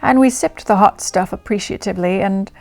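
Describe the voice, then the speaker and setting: A woman's voice: fairly quick, creaky, a little mellow, close to an everyday voice. A woman putting on a young 1920s English diarist. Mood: lively. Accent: English (put on). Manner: lowered voice, reading aloud. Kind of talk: diary reading in character.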